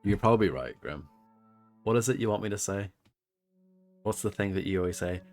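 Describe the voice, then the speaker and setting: A man's voice: deep voice, lively intonation, brisk, gravelly, pauses often, a little mellow, soft background music. A man chatting casually with viewers while streaming a game, rambling and self-deprecating. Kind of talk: casual live gameplay chat.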